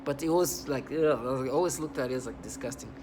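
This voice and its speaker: A man talking to camera in a rambling, halting monologue, repeating words and stressing points earnestly. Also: mid-range voice, noisy background. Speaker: vlogger.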